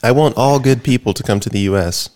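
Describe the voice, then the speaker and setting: A man's voice: medium pitch, quick pace, a little mellow. A man speaking as an interview guest in a casual, rambling monologue, blunt and peppered with fillers and swearing.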